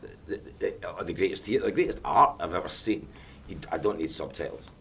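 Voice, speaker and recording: A man's voice: low voice, lively intonation, fast, fairly bright tone, slight background noise. A middle-aged man with a Glaswegian accent, speaking passionately and emphatically in a post-screening question-and-answer session. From Scotland. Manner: passionate, emphatic, repeats himself. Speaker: film director being interviewed. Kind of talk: Q&A after a film screening.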